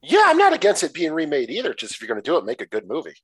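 A man from the Detroit area co-hosting a casual movie review podcast, talking in a blunt, animated and profane way. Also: a little high, very fast, breathy edge, no echo, poor audio. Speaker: podcast co-host.

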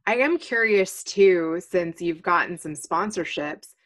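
A woman's voice: on the low side, expressive, a little slow, a bit bright. Friendly woman asking interview questions. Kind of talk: casual interview.

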